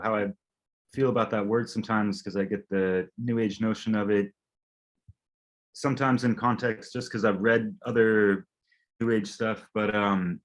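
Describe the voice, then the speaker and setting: A man interviewing an old friend in casual chat, hesitant, with many fillers and trailing thoughts. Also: lowish voice.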